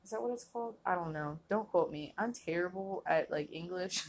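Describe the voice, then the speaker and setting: A woman's voice: fairly low pitch, a little fast, a little hiss or hum. A young woman hosting a casual solo podcast, rambling and laughing often, filling her talk with "like". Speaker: podcast host.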